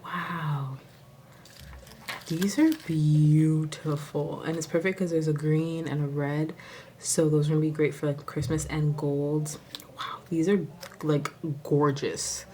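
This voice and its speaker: A woman with a Southern US accent chatting casually through a haul video, full of fillers and sudden gasping excitement. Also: low-pitched, moderate pace, a little hiss or hum. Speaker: nail vlogger.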